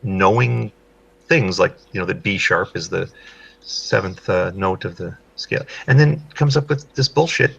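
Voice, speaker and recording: A man co-hosting a casual group chat, talking in an animated way as he explains his points. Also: low-pitched, a little slow, vocal fry, slightly rough, dull audio. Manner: chatty, animated when explaining. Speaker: podcast co-host.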